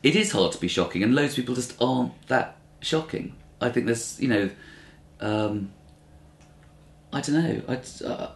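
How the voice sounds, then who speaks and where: A man's voice: mid-range voice, expressive, moderate pace, creaky, long pauses. A man in his thirties, a comedian answering interview questions, rambling and breaking off to act out quoted voices. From Britain. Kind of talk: conversational interview. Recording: roomy interview recording.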